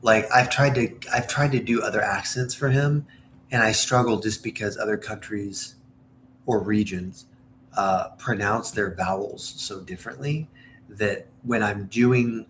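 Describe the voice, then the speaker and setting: Chatty guy from southern indiana, rambly stream talk, lowish voice, faint hiss behind. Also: fairly even intonation, unhurried, fairly bright tone. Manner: rambling, chatty, jumps between topics. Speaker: livestream host. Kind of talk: casual chat while baking on stream.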